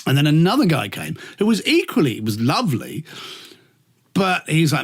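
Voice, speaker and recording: A man who presents radio, telling anecdotes with a lively voice that swoops all over. His voice is a touch higher than most men's. He laughs a lot and swears casually. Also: normal speed, husky. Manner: animated storyteller, laughs often, swears casually. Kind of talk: casual interview chat.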